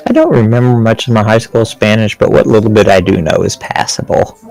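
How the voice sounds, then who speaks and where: Man, low voice, Midland American accent, relaxed, self-deprecating, casual gaming chat. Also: fairly quick, gravelly, faint music behind. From Upland South of the US.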